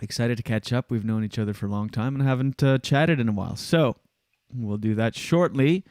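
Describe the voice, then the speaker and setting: A man's voice: medium pitch, a little fast, darkish tone, dry recording, studio quality. A French-speaking man hosting a podcast, chatting in a jokey, rambling way. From Atlantic Canada. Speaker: podcast host. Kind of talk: casual chat.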